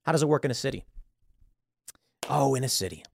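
A man hosting political commentary, talking in an animated and scornful way. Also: medium pitch, fairly quick, vocal fry, slight background noise. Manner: animated, acts out quoted voices, scornful. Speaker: show host.

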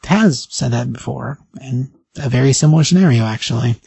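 A man's voice: mid-range voice, creaky, slightly rough, dry recording. A man hosting a podcast, casually and animatedly recapping a comic book and acting out the dialogue. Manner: animated storytelling, acting out dialogue in quick voices. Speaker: podcast host.

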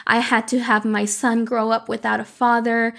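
A woman's voice: on the high side, level tone, normal speed, vocal fry, a bit bright. A woman podcaster quoting a heartbroken young woman who confronts her lost love, in an earnest, emotional way. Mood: hurt.

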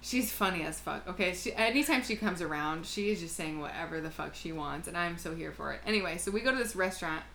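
A woman's voice: fairly low pitch, quick pace, vocal fry, hardly any pauses, a little hiss or hum. A young woman co-hosting a podcast, telling stories in casual, profane chat and acting out the people she quotes. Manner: storytelling, profane, animated quoting. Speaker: podcast co-host.

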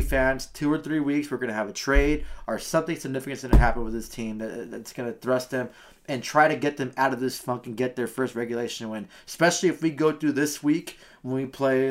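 A man co-hosting a sports podcast, making emphatic, insistent predictions in casual talk. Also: mid-range voice. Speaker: podcast co-host, sports writer.

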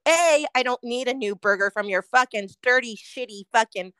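A woman co-hosting a podcast, telling a fast food rant in casual chat, swearing freely and animated. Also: a little high, clear, resonant tone, no echo. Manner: swears a lot, animated ranting storyteller. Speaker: podcast co-host.

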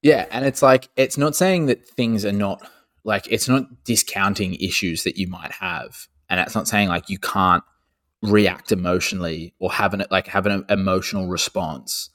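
A man's voice: low-pitched, fairly even intonation, normal speed, fairly bright tone. A young man co-hosting a podcast in casual chat, swearing freely and laughing often. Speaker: podcast co-host.

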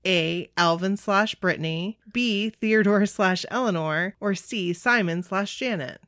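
A woman's voice: mid-range voice, a little slow, fairly bright tone, no echo, clean studio sound. A woman chatting casually, reading old quiz questions aloud and giggling often. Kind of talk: casual chat.

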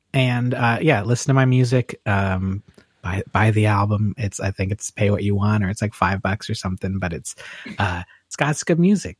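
A man's voice: medium pitch, dry recording, clean studio sound. A man guesting on a podcast, rambling and hesitant, with lots of fillers. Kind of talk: casual podcast chat.

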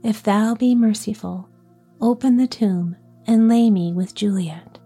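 Storybook reading: woman voicing a stern, accusing young noble, husky mellow tone. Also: mid-range voice, measured pace, faint music behind. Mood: defiant. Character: proud young nobleman, defiant and hostile.

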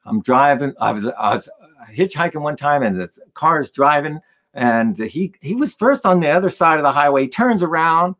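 A man telling stories in conversation as a guest musician, animated and acting out the voices of the people in them. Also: a little high, moderate pace. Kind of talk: storytelling in a conversation.

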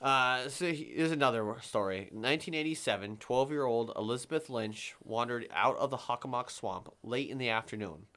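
Fast-talking New man. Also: mid-range voice, fairly bright tone. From New England. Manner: fast-talking, swears casually, reads stories aloud. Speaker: podcast co-host. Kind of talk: casual podcast chat and story reading.

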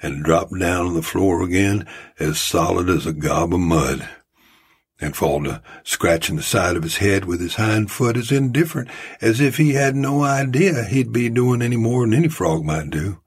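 A man's voice: sits low, normal speed, slightly rough. A man voicing a rambling old storyteller from a mining camp, with a folksy, drawling manner. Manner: folksy drawling tall-tale telling.

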